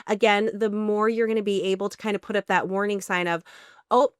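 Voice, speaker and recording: A woman's voice: medium pitch, fairly even intonation, fast talker, clean tone, no room sound, clean studio sound. A woman parenting coach, a guest on a podcast interview, explaining her method step by step. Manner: explanatory, lays out steps in order.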